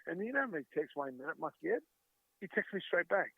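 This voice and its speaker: A man's voice: on the high side, big pitch swings, quick pace, gravelly, breathy edge, dry recording. A man in his fifties with an Australian accent, a former player telling chatty anecdotes in an interview, acting out the voices he quotes. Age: 50s. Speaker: guest, former rugby league player. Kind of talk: storytelling interview talk. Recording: dry, tinny phone-like line.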